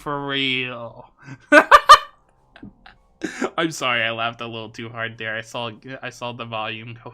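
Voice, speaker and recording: A man's voice: medium pitch, steady tone, measured pace, pauses often, sharp tone, smooth. A man streaming a video game, chatting casually, joking and laughing often. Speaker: VTuber streamer. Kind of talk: casual gaming commentary.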